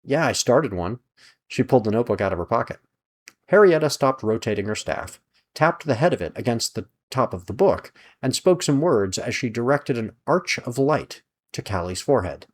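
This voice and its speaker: A man reading aloud from his own serial novel with lively, expressive narration. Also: mid-range voice, normal speed. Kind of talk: storytelling narration.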